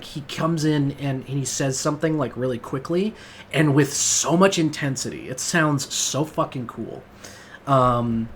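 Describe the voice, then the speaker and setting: A music podcast host delivers a casual, rambling review monologue, enthusiastic and loaded with fillers and swearing. His voice is mid-range, with a little hiss or hum on the recording.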